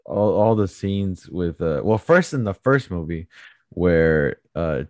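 A young man chatting casually about movies, laughing often and retelling scenes quickly. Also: sits low, lively intonation, slight background noise.

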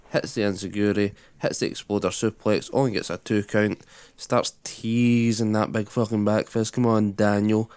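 A man with a low voice gives a blunt, sweary play-by-play recap. His voice sounds dry and close, with no room around it. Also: clean tone, no room sound. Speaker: podcast co-host recapping matches. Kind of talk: casual recap.

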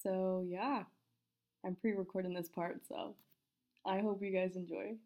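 Her voice is medium-pitched, level and warm, and she speaks at a measured pace. Hosting a casual podcast, the woman fumbles her lines, corrects herself and apologizes into a desk microphone in what are outtakes from her narration.

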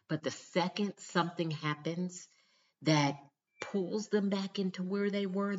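A mother gives relationship advice directly to her viewers in a casual vlog, earnest and emphatic. Her voice sits low, and the highs are cut off.

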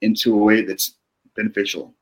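A middle-aged male therapist with a low voice speaks in a calm, reflective way on a podcast, often tagging his points with "right?". He explains things patiently. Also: a little fast, poor audio. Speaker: therapist guest. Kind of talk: podcast conversation.

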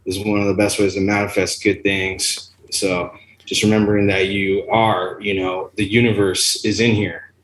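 A man's voice: lowish voice, level tone, normal speed, roomy sound, slight background noise, rough recording. A man and musician talking casually and earnestly in a rambling, philosophical way. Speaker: musician guest. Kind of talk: casual chat.

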